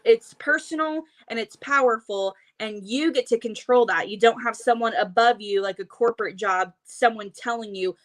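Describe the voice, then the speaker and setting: A young woman talks over a video call from home, still out of breath. She chats fast and eagerly, in a voice sitting a little high. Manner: fast, excited and chatty. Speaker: host of a live sales event. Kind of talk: casual live video chat.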